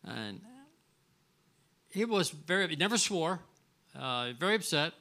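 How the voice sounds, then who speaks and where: A man's voice: fairly high pitch, unhurried. An older man, a guest at a live restaurant event, telling a story casually and acting out the dialogue, with frequent restarts. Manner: animated, acts out dialogue, many restarts.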